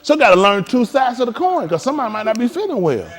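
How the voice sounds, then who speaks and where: A man's voice: very high voice, sing-song, fast. A man coaching a group class, joking and laughing as he runs practice drills. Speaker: class instructor.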